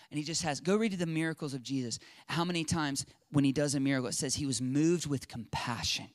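A man preaching a sermon in an animated way, acting out quotes and swinging from loud to hushed. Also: on the high side, a little fast, few pauses, no room sound, studio quality. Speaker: pastor.

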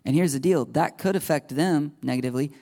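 Preaching to a live congregation, a man keeps things loose and conversational, joking and laughing at himself between points. His voice is on the high side, warm in tone, and a little fast.

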